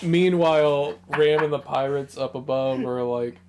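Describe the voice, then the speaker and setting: A laid-back man co-hosting a comics podcast, talking at an unhurried, slow pace. His voice sits a bit high for a man. He mostly chimes in with short agreeing replies and laughs along with his co-host. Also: a little mellow, clear, resonant tone. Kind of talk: casual chat about comics.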